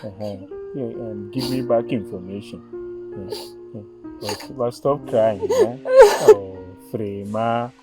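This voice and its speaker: An actor plays a fawning male teacher coaxing a crying schoolgirl, drawing out his words and tagging lines with a pleading "eh." His medium-pitched voice swoops wildly in pitch, with a music bed playing behind it.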